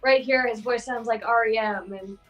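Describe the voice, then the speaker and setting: Woman, bright tone, panel guest, animated filler-heavy review, faint music behind. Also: on the high side, normal speed. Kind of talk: casual music review chat.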